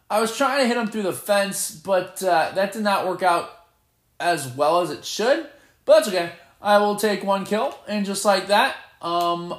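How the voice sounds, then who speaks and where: Man, gameplay commentary, swooping lively voice, cocky trash talk, echoey room. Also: high voice. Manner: excitable, playfully boastful trash talk. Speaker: gamer.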